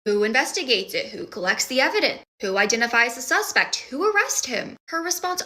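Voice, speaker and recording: A woman's voice: on the high side, animated, brisk, hardly any pauses, bright, forceful tone. A woman delivering scripted political commentary in a sarcastic, argumentative tone, citing statistics.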